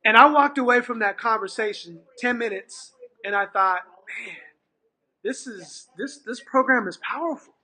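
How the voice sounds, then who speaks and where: A man's voice: very high voice, moderate pace. A middle-aged man, an after-school program manager, telling a story as a guest and acting out the dialogue in it, with lots of restarts. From California, USA. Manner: animated, acts out quoted dialogue, many restarts. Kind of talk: storytelling in conversation.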